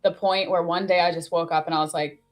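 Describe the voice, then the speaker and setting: A woman's voice: on the low side, fairly even intonation, fast. A young woman hosting a casual livestream chat, chatty and easygoing, who laughs easily and swears now and then. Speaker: host.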